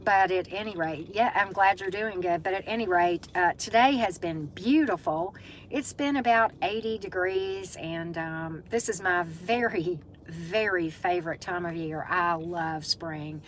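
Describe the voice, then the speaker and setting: A woman's voice: on the low side, measured pace, a little hiss or hum, poor audio. A middle-aged woman with a Southern US accent hosts a casual live-stream chat, greeting viewers by name and using lots of fillers. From Southern United States.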